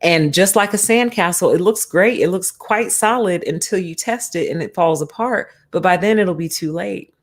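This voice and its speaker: Brief: lower-voiced woman, emphatic streamer talking casually about faith. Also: normal speed, hardly any pauses. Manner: emphatic and conversational. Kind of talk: casual spiritual commentary.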